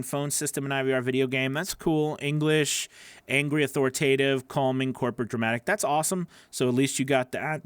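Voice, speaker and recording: Male voice-over coach, mid-pitched, casual and encouraging live critiques full of fillers; dry, close sound at home. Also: smooth, dry recording. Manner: casual, encouraging, repeats phrases with many fillers. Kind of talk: live critique of freelance gig pages.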